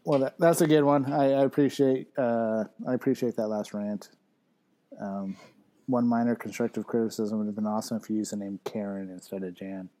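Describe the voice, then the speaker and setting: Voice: mid-range voice, steady tone, a little fast, dark tone. A podcast co-host and editor chatting casually, teasing and laughing often. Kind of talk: casual chat.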